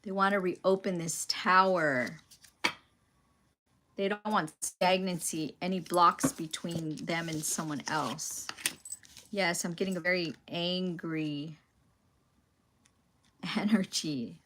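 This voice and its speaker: A woman giving a tarot reading, musing aloud in a slow, pausing way about what she senses. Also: fairly low pitch, fairly bright tone, a little hiss or hum. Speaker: tarot reader.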